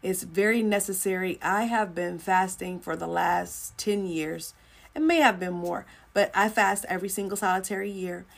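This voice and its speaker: A woman's voice: fairly low pitch, moderate pace, creaky. A woman hosting a livestream and teaching about faith in a casual, conversational way, repeating phrases for emphasis. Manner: acts out little dialogues in shifting voices.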